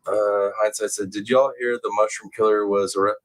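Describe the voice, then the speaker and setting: A man hosting a casual true crime livestream, reading chat comments aloud and bursting into excited, high-pitched exclamations. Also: moderate pace, low-quality recording. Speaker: livestream host.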